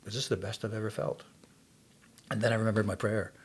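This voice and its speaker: A man's voice: lowish voice, level tone, quick pace, husky. A man in his sixties from Canada, earnestly telling his life story as a podcast guest. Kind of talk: testimony in casual interview.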